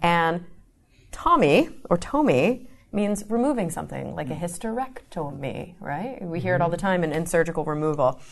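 A woman explaining things on a panel in a casual chat, measured and plain. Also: fairly low pitch, sing-song, vocal fry.

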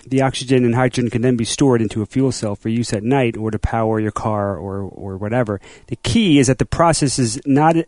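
A man's voice: mid-range voice, brisk, hardly any pauses, darkish tone, no room sound. A man co-hosting a casual podcast, talking enthusiastically and rambling, with frequent restarts. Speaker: podcast co-host. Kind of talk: casual chat.

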